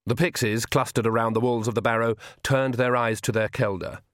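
A man narrating a comic fantasy audiobook in an even, measured way. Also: medium pitch, dry recording, clean studio sound. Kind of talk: scripted narration.

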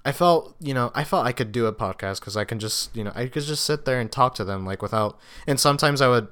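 Rambling young man, smooth low voice. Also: fairly bright tone. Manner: rambling, profane, many restarts and fillers. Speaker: podcast host. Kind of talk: casual solo podcast rambling. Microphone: podcast microphone.

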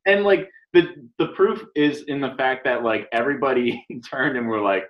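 Man, mid pitch, swears a lot, chuckles mid-sentence, dull lo-fi sound. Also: normal speed. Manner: profane, laughs through his sentences. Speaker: podcast co-host. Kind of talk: casual chat. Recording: dull lo-fi mic.

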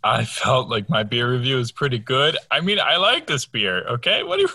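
A man's voice: medium pitch, sing-song, moderate pace, hardly any pauses, pushed and bright, no room sound. A young man co-hosting a podcast, tipsy, rambling and swearing in mock outrage. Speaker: podcast co-host. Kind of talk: casual drunk podcast banter.

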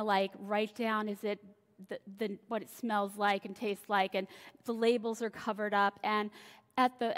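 A woman's voice: mid-range voice, big-room sound. A woman pastor giving a casual, conversational sermon, often acting out voices in the stories she tells. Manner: chatty, acts out voices in dialogue. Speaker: senior pastor. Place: church sanctuary.

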